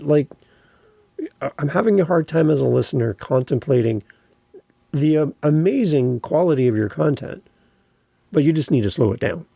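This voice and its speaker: A Canadian man hosts a podcast in a relaxed, opinionated chat. His voice is gravelly and husky, with a dark, mellow tone. The recording is dry and close. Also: a little high, moderate pace, pauses often, no echo. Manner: conversational, opinionated. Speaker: podcast host. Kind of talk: casual podcast talk.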